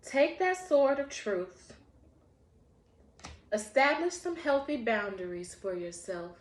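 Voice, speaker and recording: A woman's voice: fairly high pitch, lively intonation, slow pace, reverberant. A woman giving a casual spiritual tarot reading, heartfelt and encouraging, often breaking into laughter. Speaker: tarot reader.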